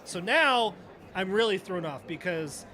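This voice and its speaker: A man's voice: sits high, lively intonation, a little slow, sharp tone. A middle-aged man, a retired Navy chief, casually telling a story on a podcast and acting out the dialogue.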